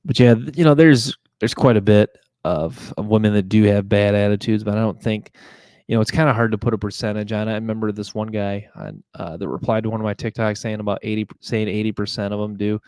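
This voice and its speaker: Low flat-voiced young man rambling. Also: fast talker, smooth, no echo. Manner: rambling, full of fillers and restarts. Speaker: podcast host. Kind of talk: casual monologue.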